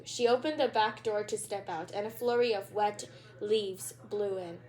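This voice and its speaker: A woman's voice: medium pitch, steady tone, unhurried, a little mellow. A woman hosting her channel and reading a children's book aloud, with chatty asides and a few stumbles. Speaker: channel host, read-aloud reader.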